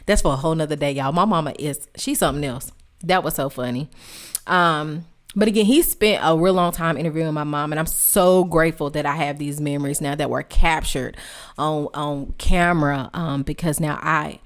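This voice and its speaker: Low-voiced woman hosting a tribute. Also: normal speed. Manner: emotional, talks straight to listeners, repeats phrases for emphasis. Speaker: podcast host. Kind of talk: heartfelt tribute podcast talk.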